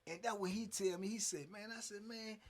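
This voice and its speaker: A man in his fifties telling a story casually, animated, with punchy sound effects and frequent fillers. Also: high voice, quick pace, a little hiss or hum. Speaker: host.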